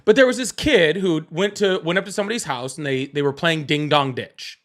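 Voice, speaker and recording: A man's voice: a little high, a little fast, a bit bright. A man from the Southern US hosting a casual live call-in chat, laughing, teasing and repeating words. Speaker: livestream host.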